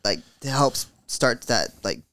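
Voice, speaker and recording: A man's voice: mid-range voice, lively intonation, takes it slowly, a bit bright, no echo. A man co-hosting a podcast in casual chat, hesitant and filler-heavy. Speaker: podcast co-host.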